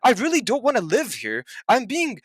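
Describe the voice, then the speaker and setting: Angry young man ranting with swings in pitch. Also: wildly swooping pitch, moderate pace, fairly bright tone, breathy edge, dry recording. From Canada. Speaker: vlogger. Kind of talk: ranting vlog monologue.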